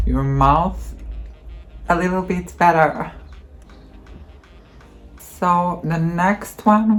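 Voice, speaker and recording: Slow-talking woman coaching voice drills. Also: low voice. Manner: slow, demonstrative, with hums and counting. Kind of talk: voice training tutorial.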